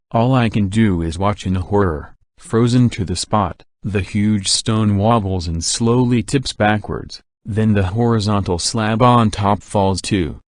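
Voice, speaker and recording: Low-voiced man reading an audiobook. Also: no echo, studio quality. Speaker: audiobook reader. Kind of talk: scripted narration.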